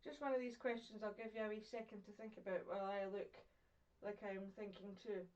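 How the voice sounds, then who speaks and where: A Scottish woman, an English teacher, gives a chatty, encouraging online poetry lesson, asking questions and pausing for her pupils. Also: medium pitch, fairly even intonation, a little mellow, distant mic, lo-fi sound.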